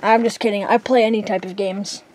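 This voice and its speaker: A woman's voice: medium pitch, steady tone, a little fast, darkish tone. A woman narrating and voicing characters in a casual homemade toy skit, rambling with many fillers.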